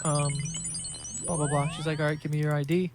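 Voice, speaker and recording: A man's voice: a little high, level tone, a little fast, over music. A young man hosting a podcast, telling rambling, profane, joking stories in casual chat. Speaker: podcast host.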